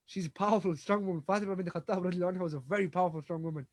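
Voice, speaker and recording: A man's voice: high-pitched, racing, few pauses, dry recording. A man giving a religious storytelling lecture, retelling events dramatically and acting out the dialogue, with frequent restarts. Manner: frequent restarts and repeated words. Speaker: Islamic lecturer.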